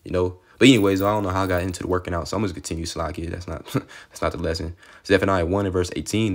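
Low-voiced young man preaching profanely. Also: steady tone, very fast. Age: young adult. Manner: rambling and profane, tagging lines with "man" and "okay". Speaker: street preacher. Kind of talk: informal Bible teaching.

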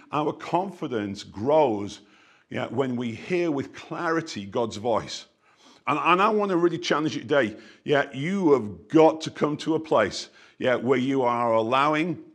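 Pastor guy preaching, kinda high voice, keeps tossing in "yeah". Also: a bit bright. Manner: preaching with emphatic repeated "yeah" asides. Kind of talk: sermon.

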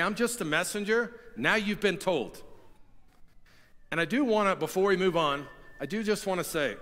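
A man's voice: on the high side, a bit bright. A man preaching an Easter sermon as pastor, telling stories in a conversational way with frequent restarts. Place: church sanctuary. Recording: long hall reverb.

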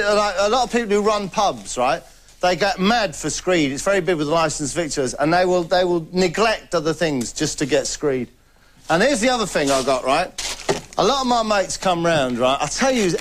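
Rambling British comedy host, fairly high voice. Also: male voice. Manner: rambling, chatty, laughs between bits. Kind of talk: deadpan stand-up monologue to camera. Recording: clear background noise.

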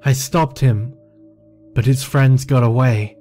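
A man's voice: mid-range voice, steady tone, slow, warm tone, soft background music, pitched above the performer's own voice, close to an everyday voice. A man reading aloud voices a cold, commanding and dangerous young woman in a horror story. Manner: commanding, intense.

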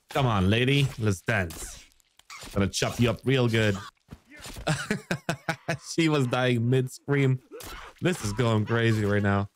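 A young man giving excitable let's play commentary on a survival game, swearing and shouting in surprise. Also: a little hiss or hum. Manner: excitable, swears, jumps high when surprised. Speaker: gaming YouTuber.

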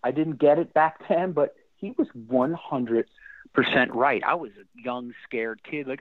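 Middle-aged male rock singer, animated talker, somewhat high voice, heard dry over a phone-like line. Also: moderate pace, no echo. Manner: animated storyteller with restarts and fillers. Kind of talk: casual interview storytelling.

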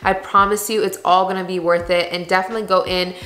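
A woman's voice: on the low side, flat delivery, fast, fairly bright tone. A young woman vlogging in a candid, chatty way, full of "like" and "you guys.". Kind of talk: casual chat to camera. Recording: echoey room.

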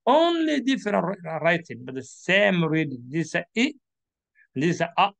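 A man with a Somali accent teaching Quran reading, slowly spelling out letters and drawing out each syllable as he repeats it. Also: high-pitched, very animated, gravelly, fairly bright tone. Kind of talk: slow classroom instruction.

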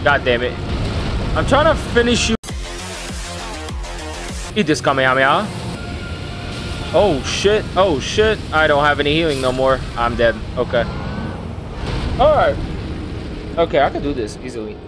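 Excitable cursing young man playing a game. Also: on the high side, measured pace, long pauses, over music. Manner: loud, profane, excitable reactions. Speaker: gaming streamer. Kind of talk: casual gameplay commentary.

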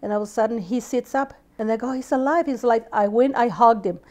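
Woman, 60s, South Texas, mellow tone, lively storyteller who plays out the dialogue. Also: a little high, fast. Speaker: interviewee. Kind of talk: oral history storytelling.

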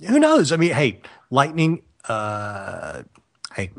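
A man's voice: mid-range voice, wildly swooping pitch, slow pace, gravelly. A man hosting a live internet radio show in casual chat, joking and laughing often at himself. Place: California.

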